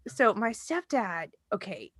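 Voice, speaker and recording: Bright, chatty woman telling a story. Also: mid-range voice, sing-song, slow, no room sound, clean studio sound. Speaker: podcast co-host. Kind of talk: casual chat.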